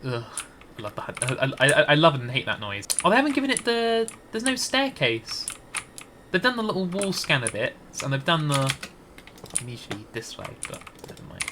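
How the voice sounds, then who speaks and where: A man's voice: a little high, very animated, brisk, background noise. A Scottish man giving rambling, hesitant gameplay commentary into a desk mic, with many restarts. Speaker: gaming YouTuber.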